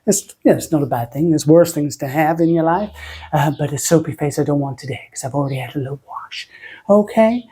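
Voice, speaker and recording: Animated and a little fast, this medium-pitched voice is mellow with a slight roughness. It belongs to a British host of soap-making tutorials who rambles casually, teasing herself and putting on a funny voice.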